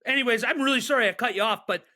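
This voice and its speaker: A man co-hosting a sports podcast, ranting and joking in a casual, excitable way. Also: very high voice. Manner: excitable, joking, fast rants. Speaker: podcast co-host.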